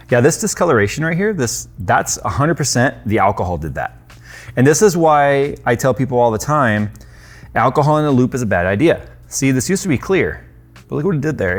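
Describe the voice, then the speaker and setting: Animated and brisk, this mid-range male voice belongs to a thirty-something tech YouTuber cleaning something at a workshop workbench in a casual how-to. He keeps things chatty and loose with self-deprecating asides, while soft music plays behind him.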